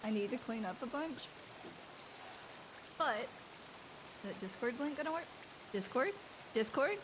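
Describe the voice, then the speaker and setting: A high-voiced woman streaming a role-play game, her pitch leaping all over as she chats excitably and curses freely. She takes her time between phrases, with a faint hiss of noise underneath. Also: measured pace. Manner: excitable, chatty, swears freely.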